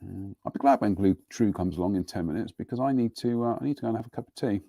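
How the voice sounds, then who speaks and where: A man's voice: on the low side, fast talker, gravelly, dark tone, dry recording, studio quality. A middle-aged man hosting a live model-building broadcast from his home workbench, chatting in a rambling, self-deprecating way. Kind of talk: casual live demonstration and chat.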